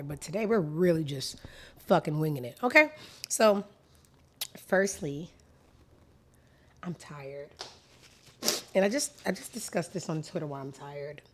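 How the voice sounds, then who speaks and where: A woman hosting her own show in a crude, sassy comedic monologue that swings from low mutters to loud outbursts. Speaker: show host.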